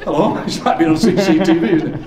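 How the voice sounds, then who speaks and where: An older man performing for a live audience as a poet, with playful, deadpan, self-mocking stage patter. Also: fairly high pitch, fast talker, a crowd in the background. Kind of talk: comic stage patter leading a singalong. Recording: echoey hall from far off with audience.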